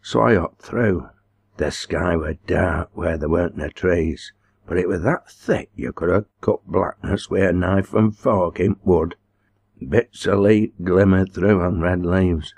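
A man's voice: low-pitched, a little slow, creaky, a little mellow, slightly rough, heavily acted. A man doing a small, solemn villager.

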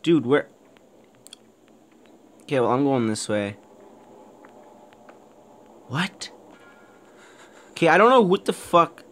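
A young man giving let's-play commentary on a horror game, jumpy, swearing a lot and shouting when startled. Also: a little high, very animated, slow pace, pauses often. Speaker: gaming YouTuber.

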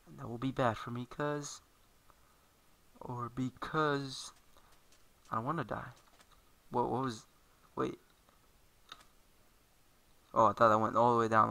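A man's voice: medium pitch, steady tone, slow, gravelly, long pauses, sharp tone, no echo, rough recording. A man giving casual let's-play commentary, rambling and correcting himself as he plays at a computer. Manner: rambling, self-correcting, talks while playing. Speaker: gameplay commentator.

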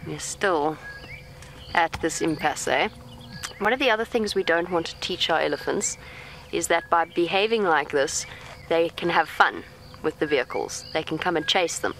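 Calm woman coaxing an elephant outdoors. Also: low voice, low-quality recording. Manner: calm, coaxing, talks gently to the animal. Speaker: safari guide. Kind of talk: live commentary to viewers while coaxing an elephant. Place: outdoors in a safari vehicle in the bush. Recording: faint outdoor bush noise, insects.

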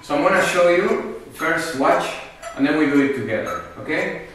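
A man's voice: on the high side, sing-song, moderate pace, fairly bright tone, slight background noise. A man teaching a tango class, counting beats aloud and checking in with his students. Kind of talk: dance class instruction. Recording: echoey room from a distance with music. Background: metronome and faint music.

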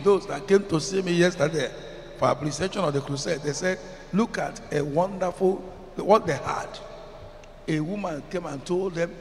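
A man's voice: sits high, slight background noise. A man with a Nigerian English accent preaching a sermon as pastor, emphatic and chanting some phrases, asking the congregation questions. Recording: long reverb in a large hall, faint ambience.

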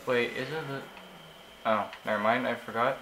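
A young man giving casual, excitable commentary while he plays a video game, often exclaiming in frustration. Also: mid-range voice, moderate pace, slight background noise, rough recording. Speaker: gaming YouTuber.

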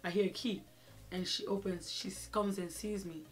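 A woman vlogger telling a personal story in a chatty, animated way, with many fillers. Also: medium pitch, moderate pace. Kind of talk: casual storytelling.

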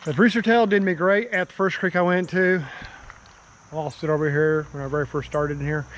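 Excitable young man vlogging by a creek. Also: fairly high pitch, a little fast. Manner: excitable, keeps addressing viewers as guys. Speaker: fishing vlogger. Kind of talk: casual outdoor vlog. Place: outdoors by a creek.

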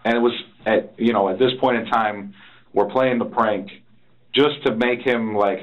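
A low-voiced man tells his side of the story in an interrogation room, rambling and swearing as he acts out what others said. The recording is muffled and dull, like a room recorder. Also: steady tone, normal speed. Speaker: officer being interrogated. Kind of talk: recounting events under interrogation.

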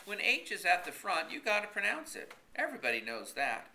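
A stubborn country man holds forth about letters in bright, lively, raised tones, put on by a male reader. He talks in folksy, ungrammatical speech and argues every point. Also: high-pitched, fairly quick, gravelly, slight background noise, pitched above the performer's own voice, heavily acted. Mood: lecturing. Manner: folksy rural grammar, argumentative. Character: stubborn rural grown man, fussy about spelling.

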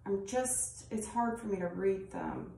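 A woman works through a casual tarot reading in a blunt, rambling way, swearing freely. Her voice sits at a middling pitch and carries a roomy echo. She is some way off the mic, with a faint hiss of noise underneath. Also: unhurried, warm tone, far from the mic. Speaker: tarot reader.

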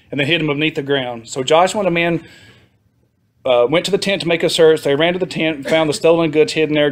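A man teaching a Sunday school class, reading scripture and retelling it in a chatty way, laughing often and asking the class questions. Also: on the high side. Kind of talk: casual Bible teaching.

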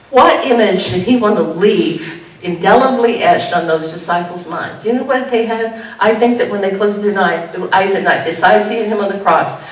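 Woman, pastor, animated sermon, echoey sanctuary, distant mic. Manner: animated preaching with sudden high exclamations. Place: church sanctuary. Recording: echoey church room heard from a distance.

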